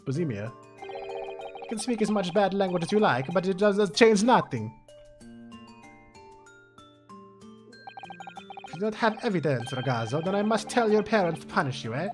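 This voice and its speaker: A woman's voice: on the low side, expressive, brisk, close to an everyday voice. A woman voicing a boastful Italian male balloonist, sly and wheedling, sprinkling in Italian words, with game music behind. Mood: scolding. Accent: put-on Italian.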